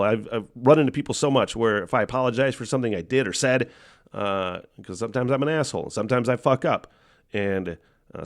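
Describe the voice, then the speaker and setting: A middle-aged American man, a podcast host and former rock radio DJ, ranting casually with frequent swearing and laughter. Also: mid-range voice. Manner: profane, ranting, laughs often. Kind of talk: casual reaction commentary.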